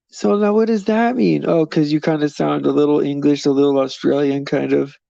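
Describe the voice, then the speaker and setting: This man hosts a live stream, his mellow, gravelly voice pitched a little high as he chats casually with viewers, drifting from thought to thought and chuckling a lot. The stream audio is close, dry, slightly dull and lo-fi, with no echo.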